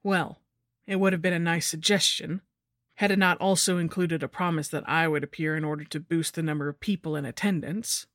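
A woman's voice: low-pitched, fairly even intonation, fairly quick, a bit bright, no echo, clean studio sound. Wry woman narrating a horror story. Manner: wry, sardonic.

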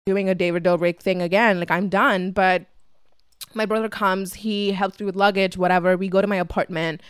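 A woman's voice: medium pitch, steady tone, normal speed, smooth, dry recording, clean studio sound. A young woman in her twenties from Dubai, telling a personal story in a casual, chatty podcast monologue, full of fillers and swearing. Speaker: podcast host.

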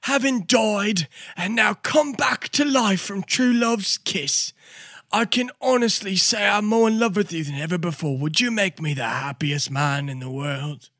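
A man's voice: high-pitched, unhurried, fairly bright tone, no room sound, clean studio sound, pitched above the performer's own voice. An over-dramatic dwarf who has just come back from the dead, his voice lifted well above the performer's own and thrown out as if to a crowd, as a man puts him on. He pleads with grand, theatrical sincerity, all swooning declarations. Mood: pleading, grandiose. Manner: theatrical, lovestruck proposal. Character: over-dramatic male dwarf, newly revived.

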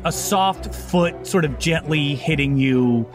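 A man running a tabletop game as game master, talking in a loose, rambling way full of fillers and restarts. His voice sits a bit high for a man, with faint music under it. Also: slow pace.

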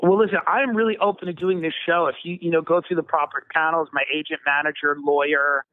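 A man's voice: on the high side, steady tone, fast talker, no echo. A man on a phone call, stammering and bewildered, repeating himself as he tries to follow the conversation. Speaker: caller. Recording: tinny phone line.

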